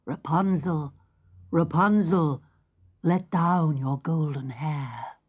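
A woman voicing an eager young prince who calls up loudly and slowly, on a lo-fi tape. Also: deep voice, slightly rough, full character voice. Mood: calling. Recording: lo-fi tape with faint music.

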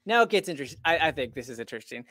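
A man hosting a casual interview, talking haltingly with frequent laughs and restarts. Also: mid-range voice, big pitch swings, sharp tone, no room sound, clean studio sound. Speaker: host.

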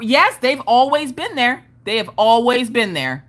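Livestream host, woman, profane jokey rambles, bright animated delivery. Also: on the high side, measured pace. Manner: rambling, joking, laughing, profane. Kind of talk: casual livestream chat.

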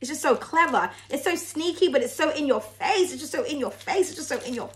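A woman's voice: sits high, lively intonation, fairly quick. A young woman doing a casual tarot reading, chatting in a rambling way and swearing freely. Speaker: tarot reader.

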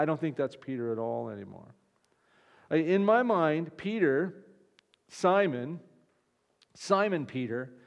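A man's voice: a little high, darkish tone. A man, a pastor, preaching a conversational sermon with frequent restarts. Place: church. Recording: long reverb of a church hall.

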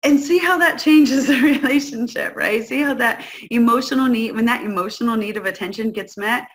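A woman's voice: fairly high pitch, fairly quick. A woman guest-hosting a parenting talk, speaking conversationally and often checking in with the listener. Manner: conversational, keeps checking in with "right?"; acts out quoted parents and kids in lively voices. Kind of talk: casual teaching talk to an audience.

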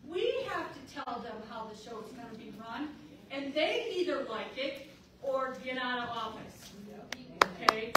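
A woman giving an emphatic public speech at a community center, repeatedly checking in with "okay?". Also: sits high. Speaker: community organizer speaking at a candidate forum. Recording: echoey hall, distant mic, noisy.

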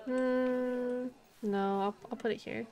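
A woman's voice: fairly high pitch, steady tone, slow pace, a little mellow. A young woman livestreaming a zoo-building game, chatting casually, thinking aloud and greeting viewers in chat. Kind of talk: casual gameplay commentary.

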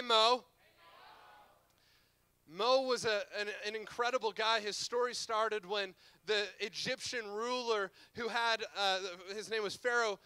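A young man preaching a sermon as pastor, telling a story with lively asides and jokes. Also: sits high, smooth, no echo.

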